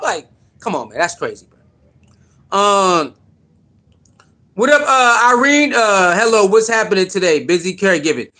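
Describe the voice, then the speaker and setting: High-voiced man hyping a livestream. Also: normal speed. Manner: animated, repetitive, slangy, greets chat viewers. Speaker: sports livestream host. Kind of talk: casual livestream sports talk.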